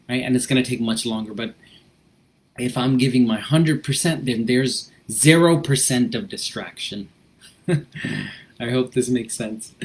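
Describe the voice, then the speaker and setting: A man leading a guided breathing lesson, gentle and reflective, often checking in with a "right?" and a soft laugh. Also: medium pitch. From United States. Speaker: breathing and meditation instructor.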